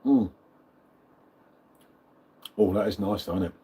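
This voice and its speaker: A man's voice: fairly low pitch, takes it slowly, mellow, slightly rough. A man hosting a live beer tasting, chatting casually with matey banter and greeting viewers by name. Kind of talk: casual live-stream chat.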